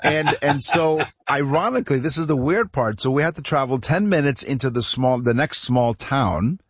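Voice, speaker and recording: Husky rambling male radio co-host. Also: medium pitch, moderate pace, dry recording, lo-fi sound. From Canada. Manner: rambling, repeats words, chuckles through stories. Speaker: radio talk show co-host. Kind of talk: casual radio chat, storytelling.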